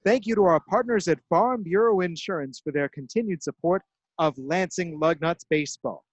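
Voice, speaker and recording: A man doing baseball play-by-play with crisp, measured delivery and dramatic emphasis on outs. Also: on the high side, no echo, highs cut off. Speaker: play-by-play broadcaster. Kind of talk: radio-style baseball play-by-play.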